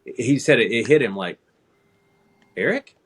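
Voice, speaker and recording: A man's voice: on the low side, expressive, fairly quick, breathy edge. A man in his thirties, an air traffic controller, telling a personal story in casual conversation and laughing at himself.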